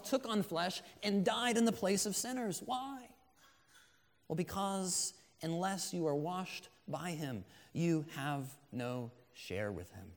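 A man preaching a sermon as pastor, earnest and conversational, rising to emphatic swells. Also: fairly high pitch. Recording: long hall reverb.

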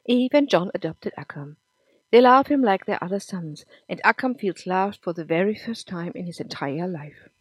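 A woman narrating a serialized story podcast in a measured, emphatic reading. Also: on the low side, lively intonation, slightly rough, no room sound. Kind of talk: scripted audiobook narration.

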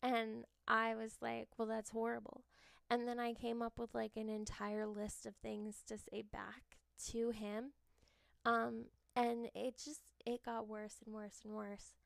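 A young woman hosts a podcast in a frank, laughing, storytelling manner and swears freely. Her voice sits a little high and carries a gravelly fry, and she takes her time. The recording is dry and close. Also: flat delivery, a little slow, no room sound. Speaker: podcast host. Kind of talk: casual confessional chat.

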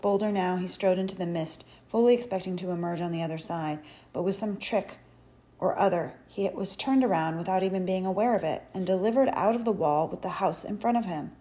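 Mellow woman narrating a story. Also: fairly low pitch. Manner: measured, expressive storytelling. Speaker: audiobook narrator. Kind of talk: scripted narration.

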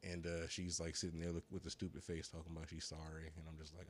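A man rambles through a long story in casual podcast talk. He curses freely, uses a lot of slang, and sounds high. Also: level tone, fast talker, few pauses, slight background noise. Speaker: podcast co-host. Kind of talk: casual chat.

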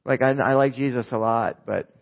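Male pastor, New Jersey native; casual joking sermon delivery, mid pitch, dull recording. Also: steady tone, moderate pace, gravelly. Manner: conversational, joking, asks the crowd questions.

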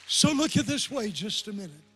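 Older pastor preaching with husky fervor. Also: male voice, sits high, sing-song, normal speed, faint music behind. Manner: impassioned preaching, building to loud climaxes. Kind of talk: sermon. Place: large church before a crowd.

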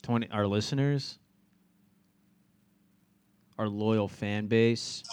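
A man's voice: on the low side, takes it slowly, clear, resonant tone. Laid-back guy chatting on a podcast. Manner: relaxed, rambling, with ums and frequent laughs. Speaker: podcast co-host. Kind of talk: casual chat.

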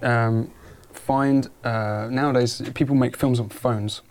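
A man's voice: medium pitch, fairly even intonation, slow, a little mellow, slight background noise. A man interviewing a guest in a casual podcast chat, rambling and correcting himself as he goes. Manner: rambling, self-correcting, lots of fillers.

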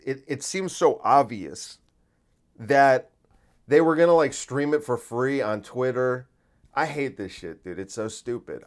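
A man hosting a podcast, talking in a rambling casual monologue, full of fillers and swearing. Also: mid-range voice. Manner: rambling, many fillers, profane. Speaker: podcast host.

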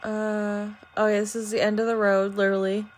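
A woman chatting beside a video game player, laughing often and giving directions. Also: medium pitch. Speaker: co-host helping the player. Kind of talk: casual let's-play chat.

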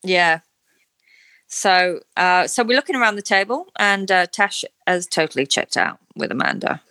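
A woman's voice: lowish voice, lively intonation, moderate pace, pushed and bright, no echo. A woman co-hosting a podcast, chatting in a casual, opinionated and self-deprecating way about a reality show. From not Australia. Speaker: podcast co-host.

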